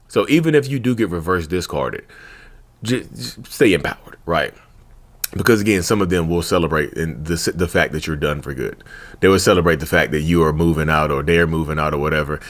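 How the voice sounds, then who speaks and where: A man hosting a casual talk video, speaking into a handheld mic while seated at home, colloquial and animated, repeating his phrases with folksy asides. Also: a bass voice, a little fast. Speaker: YouTube host talking about narcissism. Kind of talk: casual direct-to-camera talk. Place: seated at home in front of a tripod camera.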